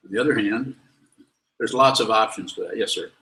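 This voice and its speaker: A lowish, bright and forceful male voice, blunt and wry as he lectures and answers students. The sound is roomy, with echo filling the meditation hall around him. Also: fairly quick. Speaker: Buddhist teacher. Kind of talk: dharma talk with questions.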